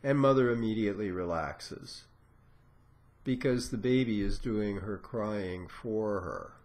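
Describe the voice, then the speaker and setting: Unhurried man giving a lecture. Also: fairly low pitch, darkish tone. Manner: explanatory, unhurried, many "uh" and "um" pauses; acts out patient dialogue in a raised voice. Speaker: lecturer on psychoanalysis. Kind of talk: informal lecture.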